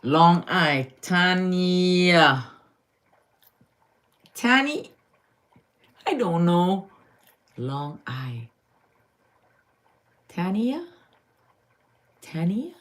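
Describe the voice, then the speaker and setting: Calling her live stream viewers darling, a Guyanese woman gives affectionate astrology readings in a slow, drawn-out way. Her voice sits on the low side, is fairly bright, and is very animated.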